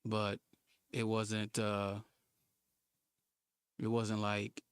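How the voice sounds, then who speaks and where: A man co-hosting a radio talk show, chatting casually and talking in a halting, hesitant way. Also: lowish voice, completely flat delivery, smooth, dry recording, studio quality. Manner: hesitant, halting speech with fillers. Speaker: radio co-host.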